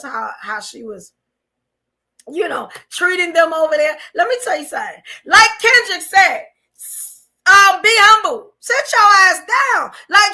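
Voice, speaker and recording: A woman, hosting a live podcast and giving blunt, animated commentary with frequent laughter. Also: very high voice. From New York. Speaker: podcast host.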